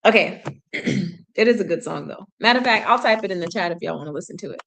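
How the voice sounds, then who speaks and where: A woman's voice: fairly low pitch, animated, quick pace, gravelly, a bit bright. Chatty woman learner, reading aloud. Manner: chatty, self-correcting, laughs at herself, drops into sung snippets. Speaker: language learner streaming a reading session. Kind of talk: casual live-stream reading and translating.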